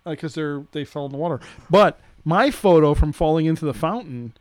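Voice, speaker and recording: A man's voice: a little high, animated, fairly quick, dry recording. A man co-hosting a radio show, chiming in with wisecracks and chuckles. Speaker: radio co-host. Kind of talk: casual on-air banter.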